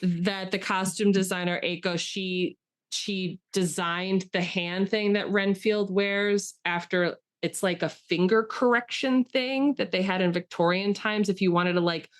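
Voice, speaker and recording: A woman's voice: mid-range voice, steady tone, a little slow. Chatty woman podcast co-host. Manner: chatty, enthusiastic, with frequent fillers and restarts. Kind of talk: casual film discussion chat.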